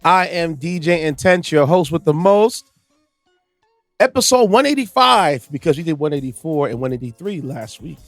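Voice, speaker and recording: A man's voice: a little high, very animated, normal speed, no echo, faint music behind. A man hosting a podcast in casual chat, with a playful, showy delivery. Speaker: podcast host.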